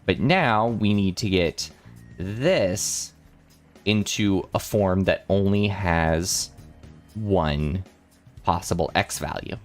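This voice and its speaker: A young man on a casual study livestream, working through math problems out loud, rambling and correcting himself as he talks to chat. His voice is still a little rough from the morning. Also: low voice, slow, faint music behind. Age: young adult. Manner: rambling, self-correcting, chatty with chat readers. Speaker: vtuber math streamer.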